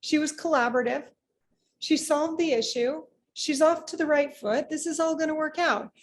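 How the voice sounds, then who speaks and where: A woman business owner talks through workplace stories in a casual interview. Her voice sits a bit high and turns animated as she acts out what colleagues said. A faint hiss of background noise runs under her. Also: moderate pace. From United States. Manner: animated, acts out quoted remarks, frequent restarts.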